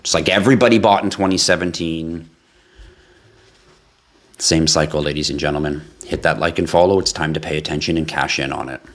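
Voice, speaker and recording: A man from Canada hosting a crypto livestream, chatting casually with viewers and reading their comments in a profane, teasing, animated way. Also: a bass voice, fairly quick.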